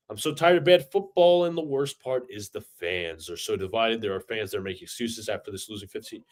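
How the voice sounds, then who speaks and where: A man hosting a live fan stream, venting his frustration in a steady medium-pitched voice. He keeps circling back to the same points and restarts his sentences often, sounding worn down rather than loud. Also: normal speed. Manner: frustrated, repetitive, stumbling restarts. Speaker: fan podcast host. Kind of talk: livestream rant.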